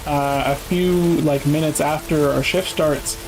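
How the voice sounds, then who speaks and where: A man's voice: fairly high pitch, steady tone, vocal fry, music in the background, poor audio. A man telling a long, profane workplace story in casual chat with friends. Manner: profane storytelling, quick bursts. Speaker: streamer.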